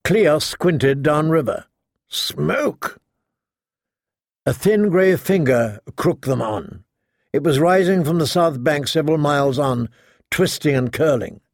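A man narrating a fantasy audiobook in a measured, steady storytelling manner. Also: on the high side, no echo, studio quality.

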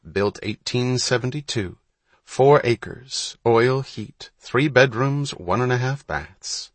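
A man's voice: medium pitch, takes it slowly, no echo, pitched above the performer's own voice, close to an everyday voice. A man voicing another man who reads out a property listing in a dry, wry tone.

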